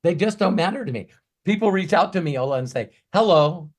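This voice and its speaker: A man coaching in a Q&A talk, emphatic and ranting, swinging from quiet asides to loud bursts. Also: high-pitched, animated, quick pace. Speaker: business coach.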